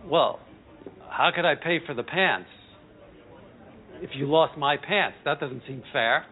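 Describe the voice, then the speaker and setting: A man's voice: fairly high pitch, slow pace. An actor playing a cranky, argumentative middle-aged man who bickers petulantly in a sitcom. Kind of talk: sitcom acting. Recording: thin phone-like sound.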